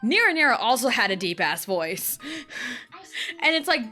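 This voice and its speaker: A woman's voice: fairly high pitch, sing-song, normal speed, pushed and bright. A woman streaming a video game, chatting casually and giggling as she gushes about her favourite characters. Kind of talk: casual gaming livestream chat. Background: game music.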